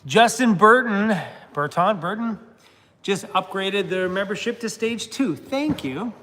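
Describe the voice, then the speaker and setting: A man's voice: high-pitched, expressive, measured pace, bright, forceful tone, in a large hall, slight background noise. A middle-aged man chatting casually on a livestream to his members, laughing often and talking to his dog.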